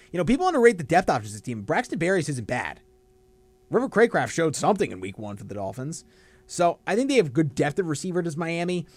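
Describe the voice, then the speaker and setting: A man co-hosting a casual sports podcast. He gives analytical, stat-heavy game picks in a measured way. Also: mid-range voice, darkish tone.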